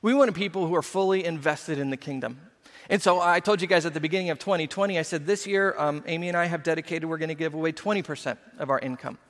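Man, pastor, sermon, high voice, long hall reverb. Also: fast. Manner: animated, emphatic, with conversational asides.

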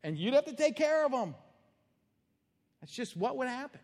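A man's voice: very high-pitched, sing-song, moderate pace, darkish tone, long reverb tail. A man preaching a sermon as a pastor, talking conversationally and animatedly, acting out quotes and laughing at his own jokes.

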